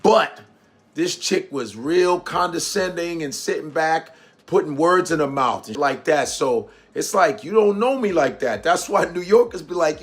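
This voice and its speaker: A man's voice: on the high side, animated, normal speed. A male comedian from New York, talking casually and animatedly through a story. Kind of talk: casual commentary.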